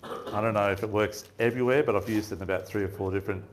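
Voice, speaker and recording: A man's voice: lowish voice, steady tone, rapid-fire, a little hiss or hum. A man giving a fishing seminar, telling rambling stories in a casual chatty way and laughing often. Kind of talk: casual storytelling talk. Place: seminar room with audience.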